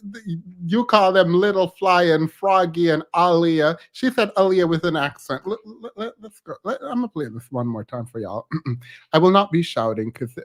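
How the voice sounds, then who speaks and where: Brief: American male commentary host, high voice, hoarse from overuse, incredulous and laughing often. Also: expressive, normal speed. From United States. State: losing his voice. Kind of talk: reaction commentary.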